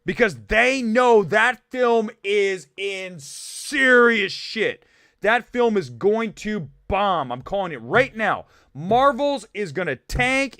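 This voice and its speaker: A man from Ohio hosting a live film talk stream, ranting quickly with animated, mock-shouted asides. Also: high-pitched, no room sound, studio quality. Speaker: livestream film show host. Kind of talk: animated livestream rant.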